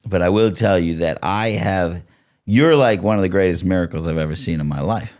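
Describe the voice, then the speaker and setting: Middle-aged male host, very deep voice, blunt and direct. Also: fairly quick, a little mellow. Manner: direct and blunt, talks to an old friend. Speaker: podcast host. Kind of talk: casual interview chat.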